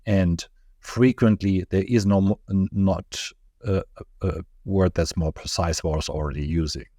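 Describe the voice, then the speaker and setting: A man's voice: low voice, fairly even intonation, normal speed, warm tone, no room sound, studio quality. A man from Germany with a German accent, a guest chatting casually in an interview, rambling with chuckles and restarts. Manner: chuckling, digressive, many restarts.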